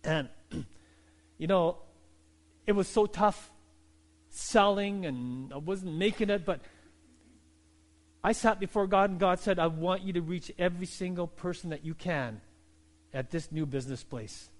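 High-voiced preaching man, fervent. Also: measured pace, pauses often. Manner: builds from calm teaching to loud, fervent preaching. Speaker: pastor. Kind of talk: sermon.

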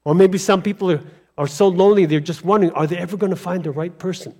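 A man's voice: high voice, fast, darkish tone. A male pastor preaching a sermon emphatically, with rhetorical questions and call-and-response to the congregation.

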